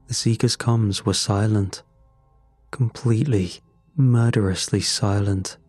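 A man narrating a first-person horror story in a measured, grim way. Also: on the low side, warm tone, slightly rough, no room sound.

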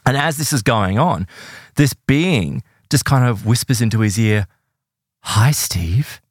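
A man telling an eerie true story in a casual podcast chat, animated and full of "right?" and "like". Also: medium pitch, moderate pace, dry recording, clean studio sound.

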